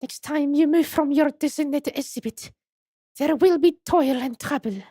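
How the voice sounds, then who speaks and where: A woman's voice: sits high, normal speed, warm tone, dry recording, clean studio sound, voice pushed up, natural voice. Woman putting on a grand mock-French museum madame. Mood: haughty. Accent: put-on French. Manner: grand and mannered, slightly shaky accent. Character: theatrical female waxwork museum owner. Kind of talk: reading game dialogue aloud.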